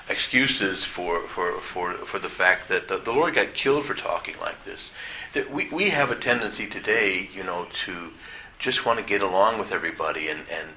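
Middle-aged male priest, church sermon, conversational and blunt; very low, forceful voice. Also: slight background noise, poor audio. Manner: plain-spoken, conversational, halting with restarts. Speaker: Catholic priest.

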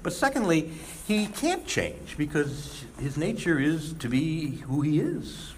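A man, a priest, giving a conversational sermon with animated asides. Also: a little high, slow pace, a little hiss or hum. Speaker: Catholic priest. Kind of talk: sermon talk.

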